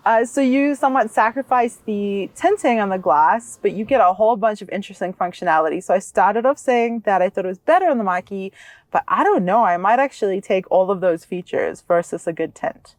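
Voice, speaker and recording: A woman co-hosting a car review vlog, chatting casually and excitedly, laughing easily, from inside a vehicle and beside it. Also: mid-range voice, fairly quick, no room sound. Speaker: vlog co-host.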